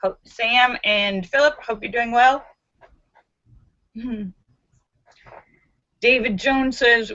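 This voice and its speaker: Slow-talking bright-voiced woman streamer. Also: on the high side, fairly even intonation, lo-fi sound. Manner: chatty, greets viewers by name. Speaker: live stream host. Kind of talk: live stream chat, reading viewers' jokes.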